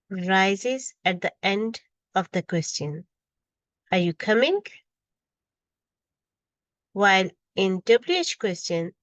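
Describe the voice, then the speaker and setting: A woman's voice: mid-range voice, no echo, dull audio. A woman teaching an English grammar lesson, reading out example questions one by one and stressing each example.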